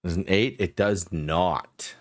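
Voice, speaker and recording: A man narrating as game master of a tabletop game, unhurried and descriptive, with frequent ums. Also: sits low, no room sound, clean studio sound.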